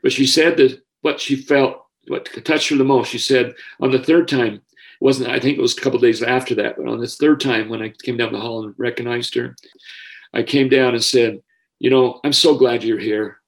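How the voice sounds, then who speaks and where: A middle-aged man, a school counselor, telling a personal story in an earnest, emotional way with halting restarts. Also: mid-range voice, fairly even intonation.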